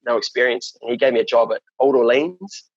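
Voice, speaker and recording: A man's voice: mid-range voice, a little fast, dry recording. Chatty New Zealand man, dull dry sound. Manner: rambling, chatty, many fillers and restarts. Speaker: distiller, interview guest. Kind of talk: casual chat.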